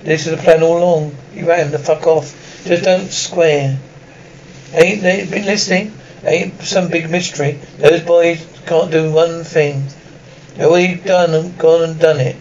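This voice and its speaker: A hard-edged small-town lawman, blunt and foul-mouthed, with a voice sitting a bit high for a man. The sound is dull and muffled, heard from some distance, with a faint hiss of room noise behind it. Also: fairly even intonation, measured pace, a little mellow. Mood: scornful. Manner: blunt, swearing. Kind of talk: film drama acting.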